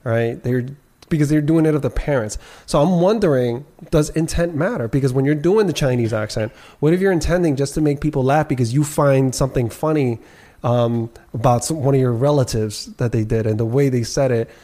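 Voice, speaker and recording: A man talking in a casual group discussion, halting and rambling, with many restarts. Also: mid-range voice, warm tone.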